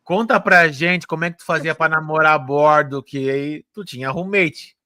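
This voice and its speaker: A male host chats with his guest in a relaxed live interview. His voice is bright and a little high, recorded dry and close, as he fires off eager questions. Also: smooth, dry recording. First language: Portuguese. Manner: chatty, quick-firing questions.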